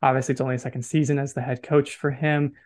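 A man hosting a college baseball podcast in casual chat, talking quickly and correcting his own facts as he goes. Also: mid-range voice, little pitch movement, a little mellow. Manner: chatty, self-correcting, checks facts aloud. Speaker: podcast host.

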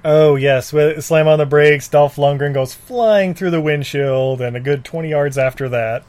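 A man's voice: on the high side, fairly even intonation, normal speed, darkish tone. A man co-hosting a podcast, recapping a movie with dry asides. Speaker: podcast co-host. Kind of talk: casual movie-talk banter.

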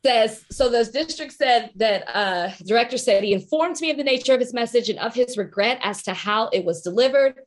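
A woman's voice: fairly high pitch, animated, fairly quick, few pauses. A woman co-hosting a podcast in casual chat, reading quotes aloud and laughing easily. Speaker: podcast co-host.

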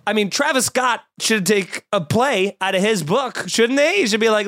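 A man hosting a podcast in casual comedic chat, riffing sarcastically with animated mock quotes. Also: high-pitched, moderate pace. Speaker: podcast host.

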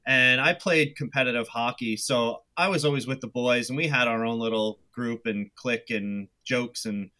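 A man's voice: medium pitch, moderate pace, few pauses, sharp tone. A man in his thirties with a New York accent, a guest telling stories in a chatty way and acting out his own past remarks. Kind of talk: casual interview chat.

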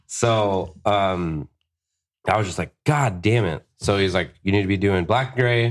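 Low-voiced man telling profane stories. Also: moderate pace. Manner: profane, animated, acts out quotes. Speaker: tattoo artist guest. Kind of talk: casual storytelling.

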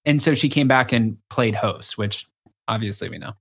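A man's voice: on the low side, normal speed, gravelly, fairly bright tone, husky. A man hosting a podcast, telling gossipy stories in casual chat and acting out quotes along the way. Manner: gossipy storyteller, acts out quotes. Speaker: podcast host.

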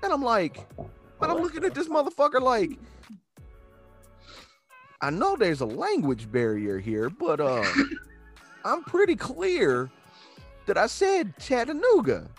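Animated man telling a story. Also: extremely high pitch, unhurried, pauses often, soft background music. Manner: animated, profane anecdote telling. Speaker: stand-up comedian guest. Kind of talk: storytelling in a podcast chat.

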